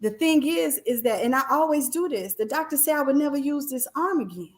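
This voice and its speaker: A woman with a notably high voice speaks in a faith-filled testimony style. She presses her points hard and repeats key phrases for emphasis. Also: animated, fairly quick.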